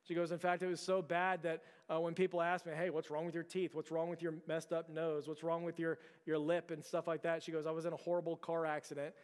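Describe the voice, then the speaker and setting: A man's voice: a little high, flat delivery, fairly quick, hardly any pauses, clean tone, in a large hall. A man preaching a sermon as a pastor, telling a story earnestly with frequent repeated words and restarts.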